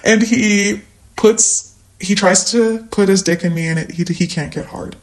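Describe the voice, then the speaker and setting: A woman from the American Midwest, a podcast guest telling a candid personal story and acting out the lines of others with sudden jumps in pitch. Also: normal speed, roomy sound, poor audio. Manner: animated, acts out quoted lines with big pitch jumps.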